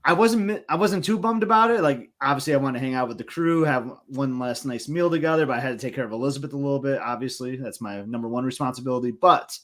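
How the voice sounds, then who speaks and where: A man's voice: medium pitch, fast talker, few pauses, a bit bright. A man co-hosting a podcast, talking in an enthusiastic, rambling casual chat. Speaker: podcast co-host.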